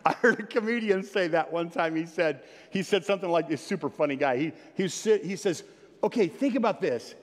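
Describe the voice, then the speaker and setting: A man preaching a sermon, reading scripture and telling playful stories with sudden loud bursts of excitement. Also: on the high side, normal speed. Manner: animated, playful storytelling with sudden loud outbursts. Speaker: pastor. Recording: long hall reverb.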